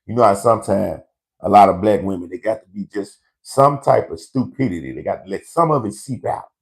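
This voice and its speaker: Raspy-edged guy hosting a live comedy stream, loud and cussing, telling stories. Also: on the low side, lively intonation, brisk. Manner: brash, profane, storytelling. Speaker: comedy show host. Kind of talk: live comedic rant to online viewers.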